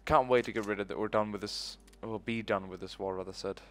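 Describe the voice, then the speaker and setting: Narrating his own strategy game playthrough, this young man rambles and curses frequently as he goes. He speaks briskly in a lowish voice with fairly even intonation, in the style of a let's play host.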